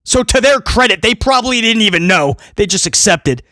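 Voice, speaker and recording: Brief: high-voiced male reviewer, animated and sarcastic, dry close-mic sound. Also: brisk, dry recording. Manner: animated, mocking impressions and quips. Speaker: wrestling show reviewer. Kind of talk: casual commentary.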